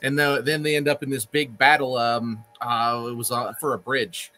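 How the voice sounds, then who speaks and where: A man's voice: medium pitch, level tone, moderate pace, sharp tone, slight background noise. A man in a casual book discussion, talking in a rambling, hesitant way and swearing casually.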